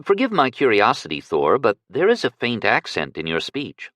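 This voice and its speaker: A man's voice: medium pitch, huge pitch swings, moderate pace, no echo. An audiobook reader voicing a gracious, poised young woman who plays hostess, polite and curious. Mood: polite curiosity. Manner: polite, curious, brightly sociable.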